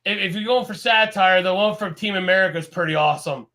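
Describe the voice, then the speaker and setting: A Canadian man co-hosting a podcast in casual chat, rambling and animated, laughing often. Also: sits high, fast. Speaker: podcast co-host.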